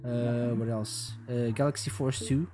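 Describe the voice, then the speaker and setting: A man's voice: medium pitch, steady tone, measured pace, music in the background. A man co-hosting a casual podcast, hesitant and full of restarts. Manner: hesitant, many restarts and fillers. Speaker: podcast co-host.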